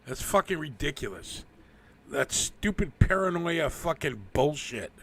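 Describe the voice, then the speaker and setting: A man's voice: a little high, animated, measured pace, gravelly, fairly bright tone. A man hosting a live stream, rambling through a casual, profane rant and laughing often. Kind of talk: casual ranting monologue.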